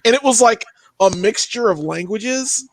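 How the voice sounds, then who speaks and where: A young man riffs casually on a movie podcast, his fairly high voice bouncing through a wide, lively range. He talks in animated bursts and leaps into squeaky exclamations. The sound is dry and close. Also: normal speed, dry recording. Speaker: podcast co-host. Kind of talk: casual chat.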